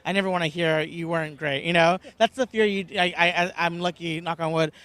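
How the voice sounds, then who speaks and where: A young man, an actor, chatting in an interview in an animated way, laughing often and acting out quotes. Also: fairly high pitch, brisk, smooth. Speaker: actor and guest. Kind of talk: casual interview chat.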